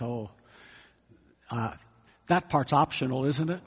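This pastor's sermon has a conversational feel, peppered with rhetorical questions for his listeners. His voice is fairly high and slightly rough at a measured pace, recorded with dull lo-fi sound in an echoey hall.

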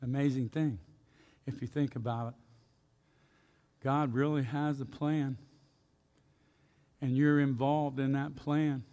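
Gravelly folksy preacher man. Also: medium pitch, little pitch movement, takes it slowly, pauses often, mellow, in a large hall. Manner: folksy storytelling preacher, asks the congregation questions. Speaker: pastor. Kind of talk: sermon.

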